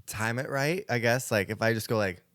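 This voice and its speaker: A young man co-hosting a podcast in casual chat, laughing easily and often low-key. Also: brisk, fairly bright tone. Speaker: podcast co-host.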